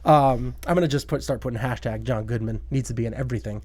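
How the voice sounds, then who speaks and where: A man hosting a casual movie chat podcast, excitable and quick to act out loud reactions. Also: medium pitch, a crowd in the background. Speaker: podcast host.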